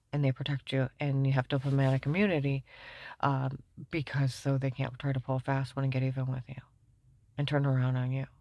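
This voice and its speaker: A woman rambling through a personal grievance, swinging between hushed talk and loud outbursts and reciting legal terms. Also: rumbling low, dry recording. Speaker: speaker recounting her own ordeal. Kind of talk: agitated personal monologue.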